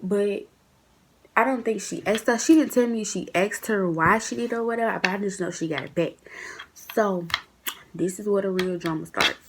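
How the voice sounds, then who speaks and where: A young woman telling a story in a casual vlog, chatty and animated, acting out what people said. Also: medium pitch, moderate pace, a little hiss or hum. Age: young adult. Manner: chatty, animated, acts out quotes in shifting voices.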